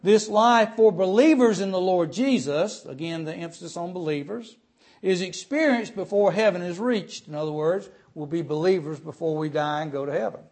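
A pastor preaching a sermon. He speaks earnestly, often says "uh" and repeats words, and reads scripture slowly and with emphasis. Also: high-pitched, a little mellow.

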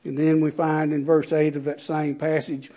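A preacher with a high-pitched male voice delivers his sermon. He swings between soft, low passages and loud, climbing lines of scripture, leaning hard on key words. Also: flat delivery, normal speed. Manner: impassioned preaching, rising and falling emphasis.

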